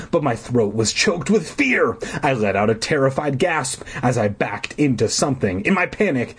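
A man's voice: medium pitch, husky. A man reading a horror book aloud for laughs, breaking off into snarky, profane asides. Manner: snarky asides, swearing, mock drama. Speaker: comedic reader.

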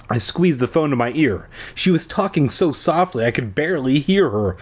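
A young man reading a storybook aloud with sarcastic asides, animated and playful. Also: medium pitch, unhurried.

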